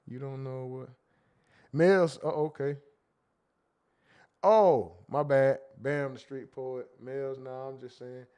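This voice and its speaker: A man's voice: medium pitch, fairly even intonation, takes it slowly, pauses often, dark tone, smooth. A man hosting a casual livestream, reading chat comments aloud and joking about them.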